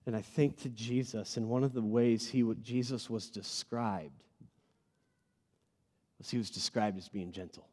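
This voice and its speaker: An earnest man in his thirties delivers a sermon in a church hall, his mid-pitched voice ringing out with long reverb. He moves between loud emphatic bursts and soft, confiding passages. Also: fairly even intonation, unhurried. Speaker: pastor.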